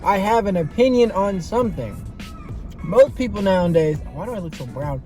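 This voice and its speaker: A man's voice: high voice, animated, normal speed, warm tone, faint music behind. A man vlogging in a rambling, profane way while eating in a car parked in an empty lot. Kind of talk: casual rambling monologue.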